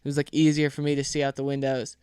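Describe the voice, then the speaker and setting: A man's voice: medium pitch, fast talker, clear, resonant tone, dry recording, clean studio sound. Young man telling rowdy stories. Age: young adult. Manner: animated, swearing, acts out quoted voices. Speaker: podcast host. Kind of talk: casual storytelling monologue. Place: home.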